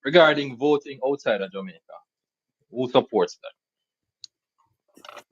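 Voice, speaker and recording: A man's voice: medium pitch, takes it slowly, slightly rough, dull audio. A man co-hosting a podcast, explaining his points in a matter-of-fact way. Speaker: podcast co-host.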